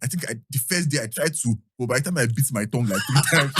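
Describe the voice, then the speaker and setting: A man's voice: mid-range voice, brisk, very noisy. A man with a Nigerian accent, chatting animatedly as a podcast guest and laughing often. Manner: animated, laughing, asks "you understand?". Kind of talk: casual chat.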